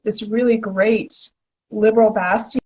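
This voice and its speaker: Woman host, casual live chat, eager and gushing, mid pitch, lo-fi sound. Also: steady tone, measured pace, darkish tone, breathy edge. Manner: enthusiastic, chatty, many "like" fillers.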